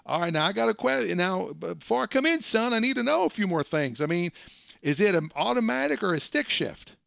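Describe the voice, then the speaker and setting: A man's voice: high-pitched, big pitch swings, fairly quick, vocal fry, fairly bright tone, no echo, lo-fi sound, pitched above the performer's own voice, full character voice. A man voicing a young prank caller who poses as a fussy car buyer asking picky questions. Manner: fussy, questioning, mock-serious.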